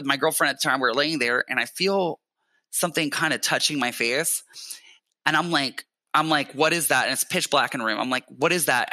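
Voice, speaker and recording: A man's voice: mid-range voice, pushed and bright, dry recording, poor audio. A man in casual podcast talk, telling rambling, profane stories and laughing often. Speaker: guest. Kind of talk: casual storytelling.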